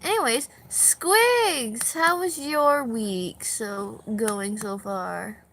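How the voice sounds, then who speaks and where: A young woman rambles through a casual live stream, worn out and self-deprecating, dropping the odd curse. Her voice sits a bit high and bright and leaps around in pitch, though she talks at an unhurried pace. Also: a little hiss or hum. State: tired. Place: at home with a dog on her back.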